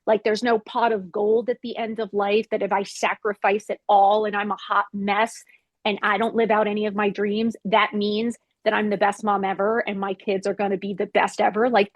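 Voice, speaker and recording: A woman in her fifties, a podcast guest, telling her story with blunt, expressive candor, swearing freely and acting out her own past words. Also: medium pitch, moderate pace, no echo. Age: 50s. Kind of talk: candid interview storytelling.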